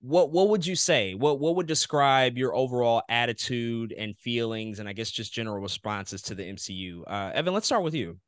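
A man's voice: medium pitch, moderate pace, hardly any pauses, dry recording, studio quality. A man hosting a casual podcast discussion, musing and thinking aloud as he poses questions to his guests. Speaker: podcast host. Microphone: podcast microphone.

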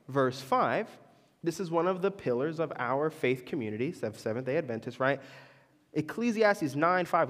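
A man's voice: high-pitched, big-room sound. A man preaching a sermon, telling stories and checking in with his listeners with "right?" after many lines. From Florida, US. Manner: storytelling, keeps checking in with "right?". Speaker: pastor.

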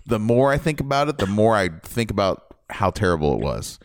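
A man on a casual podcast, giving an animated, opinionated spoiler review of a movie. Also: on the low side, brisk, a little hiss or hum. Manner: animated, opinionated, jumps between points. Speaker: podcast host reviewing a film.

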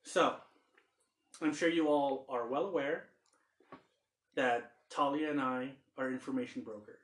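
A man's voice: medium pitch, steady tone, unhurried, a bit bright, echoey room, low-quality recording. A man narrating a tabletop game as game master, loose and chatty with many fillers.

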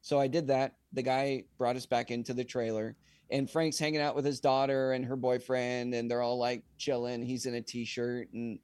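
A young man, a singer-songwriter guest on a podcast, telling a casual anecdote in an animated way and acting out the dialogue. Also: mid-range voice, moderate pace, no echo. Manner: animated, acts out quoted dialogue.

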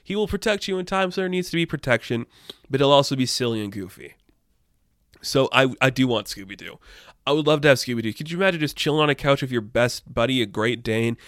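A man's voice: medium pitch, animated, fast talker, a bit bright, clear, resonant tone, no room sound, studio quality. A young man talking loosely and irreverently in a casual opinion monologue, swearing now and then. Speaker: commentator.

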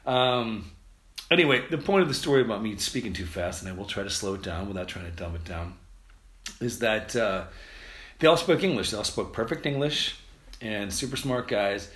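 An American man hosting a podcast, talking casually and quickly, rambling with restarts and fillers. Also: fairly low pitch, animated, fairly bright tone. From United States. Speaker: podcast host. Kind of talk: casual solo podcast monologue. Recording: roomy echo.

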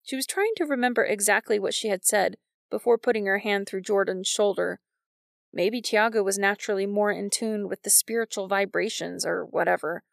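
A woman narrating a novel in a wry, even storytelling manner. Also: medium pitch, moderate pace, creaky, no echo, clean studio sound. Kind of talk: scripted audiobook narration.

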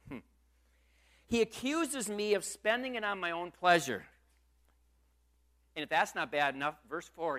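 A man's voice: high voice, pushed and bright. A male pastor preaching a sermon in church, emphatic and full of rhetorical questions.

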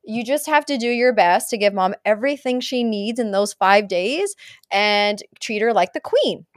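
Woman, middle-aged, podcast guest, casual storytelling, animated, laughs often, mid pitch, dry close sound. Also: moderate pace, dry recording. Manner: animated, laughing, acts out family members' lines.

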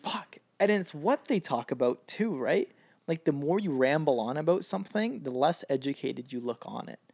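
A man co-hosting a podcast, telling animated stories in casual chat and swearing freely. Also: a little high, normal speed, creaky, dry recording. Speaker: podcast co-host.

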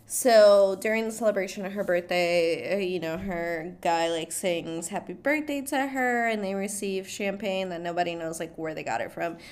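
A woman casually recapping a film, chatty and profane, laughing often and reacting with animated outbursts. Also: fairly low pitch, moderate pace, few pauses.

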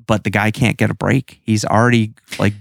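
A man's voice: fairly low pitch, fairly quick, gravelly, no room sound, clean studio sound. A man co-hosting a podcast, chatting casually and rambling animatedly about a comic book. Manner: rambling, animated, restarts often. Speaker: podcast co-host.

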